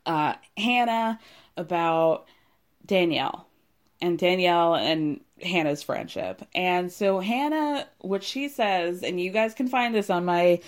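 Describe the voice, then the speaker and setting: Young woman host, lively sarcastic recap talk with lots of swearing and quoted lines. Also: fairly low pitch, slow pace. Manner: animated, sarcastic, swears freely, acts out quotes. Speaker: podcast host recapping a reality show. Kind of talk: casual recap commentary.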